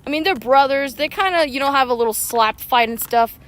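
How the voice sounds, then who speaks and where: A woman streaming a mobile game outdoors, chatting excitedly with viewers and arguing back at them. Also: high-pitched, a little fast. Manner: excitable, argues back at chat. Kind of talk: casual chat with viewers while playing. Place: outdoors, walking.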